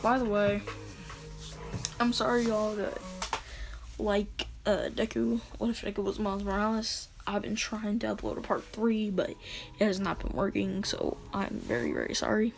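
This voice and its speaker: A woman's voice: medium pitch, steady tone, normal speed, gravelly. A woman casually retelling a fan-fiction story in a rambling, giggly way. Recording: home recording with music underneath.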